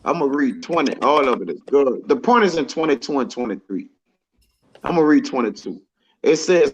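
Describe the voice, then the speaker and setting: A man teaching from scripture, reading verses slowly and then explaining them in casual slang. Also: medium pitch, very animated, rough recording. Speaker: preacher.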